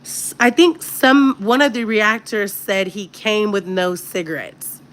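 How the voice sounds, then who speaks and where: Hosting a relaxed livestream chat, a woman speaks frankly and straight to her viewers. She has a mid-range, animated, fairly bright voice and talks a little slowly.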